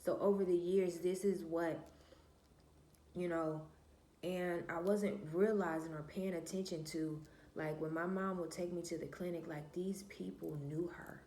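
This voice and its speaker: A woman's voice: lowish voice, fairly even intonation, unhurried, warm tone, roomy sound, a little hiss or hum. A woman vlogger telling a personal story in a casual, candid monologue, swearing freely and talking straight to her viewers. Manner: emphatic, repeats herself and trails off with "da, da, da".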